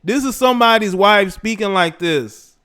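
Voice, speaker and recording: Fairly high man hosting livestream commentary. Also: moderate pace, smooth. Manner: shouts out viewers, argumentative. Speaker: livestream host. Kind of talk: reaction commentary.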